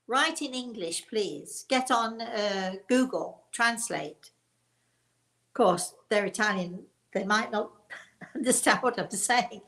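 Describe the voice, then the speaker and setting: An older woman hosting a live show as a psychic medium, talking in a chatty, encouraging and self-deprecating way with a hoarse voice that is still recovering. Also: mid-range voice, a little slow, fairly bright tone, rough recording. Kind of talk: live online call-in talk.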